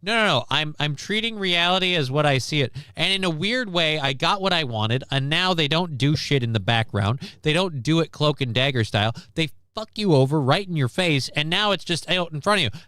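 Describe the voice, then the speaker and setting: A man's voice: fairly high pitch, fairly bright tone, smooth, dry recording, studio quality. A man hosting a casual stream, ranting about the news in a sarcastic, profane, rambling way. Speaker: streamer host. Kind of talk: casual news commentary rant.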